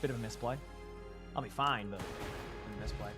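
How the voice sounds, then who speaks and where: A man's voice: fairly low pitch, quick pace, music in the background. A young man with a Boston accent giving casual, rambling live-stream commentary while playing and chatting with viewers on a headset mic.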